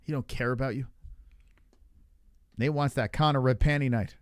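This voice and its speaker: A man's voice: medium pitch, steady tone, moderate pace, dry recording, clean studio sound. A young man streaming live, ranting loosely about fights with lots of swearing and reacting to chat. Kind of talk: livestream fight talk.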